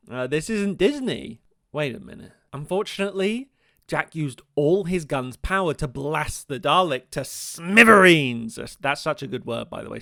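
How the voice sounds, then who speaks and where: A man's voice: medium pitch, gravelly, bright, forceful tone, dry recording, studio quality. A young man giving scripted commentary, breaking off into wry, jokey asides. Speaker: video essayist.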